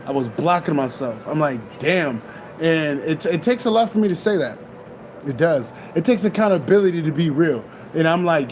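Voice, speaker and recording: A man with a notably high voice talks in a loose, streetwise spiritual pep talk. He curses freely and keeps looping back to the same encouragements. Faint vehicle noise hums in the background. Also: lively intonation, moderate pace, a little mellow. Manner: loose, profane, repeats himself. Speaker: spiritual vlogger.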